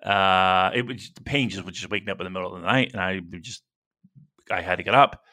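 A man's voice: sits low, fairly quick. A man co-hosting a casual podcast, rambling and swearing freely as he talks wrestling. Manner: profane, rambling, animated. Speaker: podcast co-host.

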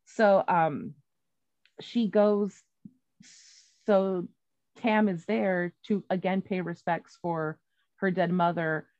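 Woman, lowish voice, casual rambling chat, swears a lot, dry slightly dull recording. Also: fairly even intonation, slow pace, long pauses, a little mellow, no echo. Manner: rambling and profane, with many fillers and restarts.

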